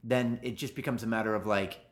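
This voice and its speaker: A man's voice: lowish voice, steady tone, brisk. A man hosting a casual interview, asking long rambling questions full of restarts and fillers. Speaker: podcast interviewer.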